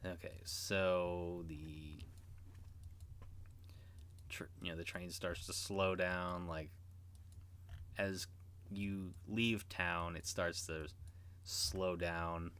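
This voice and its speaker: A man's voice: sits low, fairly even intonation, very slow, pauses often, a bit bright, clear, resonant tone. A man narrating as game master in an online tabletop game, hesitant and full of restarts. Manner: hesitant, many restarts and fillers.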